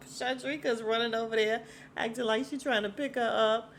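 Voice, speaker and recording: A woman's voice: a little high, steady tone, moderate pace, slight background noise. A woman hosting a podcast, recapping a reality show episode in a sassy, chatty way and laughing often. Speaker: podcast host.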